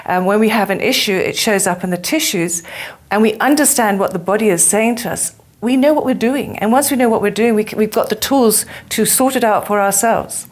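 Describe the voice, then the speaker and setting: A woman's voice: medium pitch, a little fast. A middle-aged woman with a speech defect, talking earnestly as an interview guest and telling stories. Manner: earnest and storytelling. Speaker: interview guest, spiritual teacher. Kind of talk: conversational interview.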